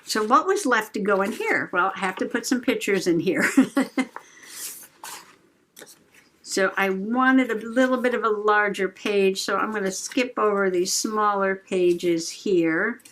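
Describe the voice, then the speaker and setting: Crafting on her journaling channel, a middle-aged woman from the United States chats and giggles, slow and rambling. She has a medium-pitched, fairly bright voice, with slight background noise.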